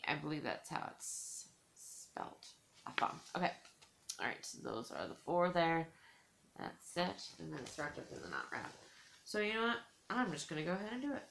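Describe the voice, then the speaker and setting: Chatty woman with a gravelly voice. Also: fairly low pitch, fairly bright tone, a little hiss or hum. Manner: chatty, rambling, heavy use of "like"; giggly, self-teasing. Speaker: beauty vlogger. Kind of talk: casual haul vlog.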